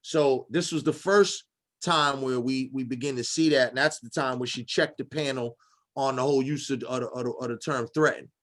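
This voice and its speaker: A man's voice: mid-range voice, steady tone, moderate pace. A man hosting a casual panel discussion, rambling with many fillers and restarts. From Boston. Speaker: discussion host.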